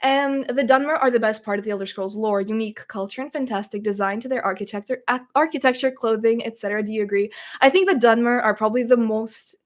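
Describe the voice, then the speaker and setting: A woman's voice: a little high, quick pace. A woman from Russia hosting a casual livestream Q&A, chatting a little nervously as she reads viewer comments aloud and answers them. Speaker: streamer hosting a Q&A.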